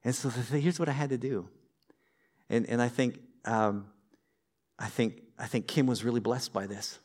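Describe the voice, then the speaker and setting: A man preaching a sermon in a conversational, lively way, with personal stories and light humor. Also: mid-range voice, moderate pace. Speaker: pastor.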